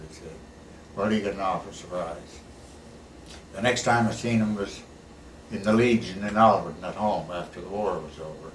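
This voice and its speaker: A man's voice: sits low, fairly even intonation, brisk. Older man, plain-spoken veteran storyteller. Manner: plain-spoken, folksy, tags sentences with "eh". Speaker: war veteran interviewee. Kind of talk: casual storytelling interview. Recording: echoey room, recorded from a distance, faint background hiss.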